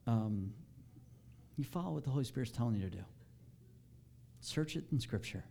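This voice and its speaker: Mellow-voiced pastor preaching animatedly. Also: male voice, moderate pace, vocal fry, a little hiss or hum. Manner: animated, rising in pitch and volume when stressing a point. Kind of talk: sermon.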